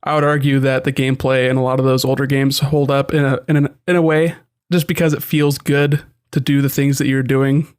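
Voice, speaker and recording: A man's voice: mid-range voice, level tone, fairly quick, clear, resonant tone. Young adult male podcast co-host, loose rambling delivery full of restarts, mid-range voice. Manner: rambling, many restarts and asides. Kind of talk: casual chat.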